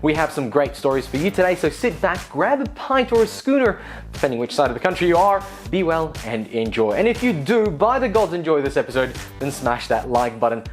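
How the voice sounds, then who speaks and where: A woman's voice: low voice, very animated, fairly quick, faint music behind. A woman hosting a scripted tech and telecom news show, with sarcastic, playful asides.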